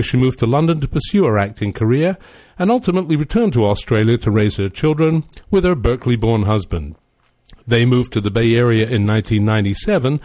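A man hosts a radio interview, his pitch rising and falling in a lively way. The sound is close and dry, with no room around it, and he moves from read introductions into relaxed questions. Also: no room sound. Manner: scripted, measured introductions, then easy conversational questions. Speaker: radio show host.

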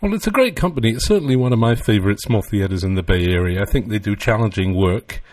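A man hosts a radio interview, his pitch rising and falling in a lively way. The sound is close and dry, with no room around it, and he moves from read introductions into relaxed questions. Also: no room sound. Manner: scripted, measured introductions, then easy conversational questions. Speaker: radio show host.

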